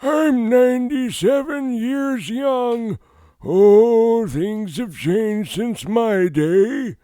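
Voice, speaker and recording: Breathy ancient chatterbox, squeaky high. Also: male voice, very slow, mellow, no room sound, heavily acted. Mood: nostalgic. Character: very old person, frail, chattering.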